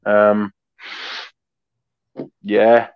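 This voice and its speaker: A man chatting casually about his collection over a video call, rambling with many pauses, restarts and swear words. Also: fairly low pitch, completely flat delivery, smooth, no echo, narrow, tinny audio. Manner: laid-back, rambling, many ums and restarts. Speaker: perfume collector guest showing his collection. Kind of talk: casual chat, swearing freely.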